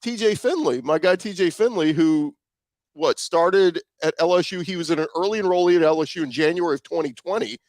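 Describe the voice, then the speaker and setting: A man's voice: on the high side, fairly quick, a little mellow, no echo. A man co-hosting a sports podcast, making his case with lots of fillers. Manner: argumentative, filler-heavy. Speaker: podcast co-host. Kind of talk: casual sports chat.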